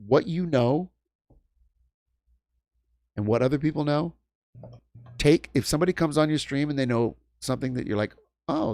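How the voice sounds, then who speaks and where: Ranting hotly during a casual stream, this fifty-something host broadcasts from his New York home, swearing freely and stumbling into restarts. He has a slightly mellow mid-range voice, and there's no echo.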